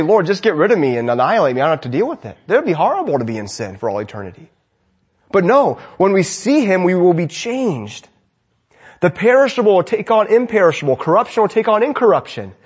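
A fervent male preacher with a husky, slightly raised voice. He swings from loud, lifted exclamations down to quiet, hushed lines as he preaches. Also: sits high. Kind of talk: sermon.

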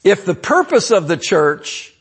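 A man preaching a sermon, calling out "amen?" to the congregation and swinging between loud emphatic lines and low asides. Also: sing-song, a little slow, husky. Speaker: pastor.

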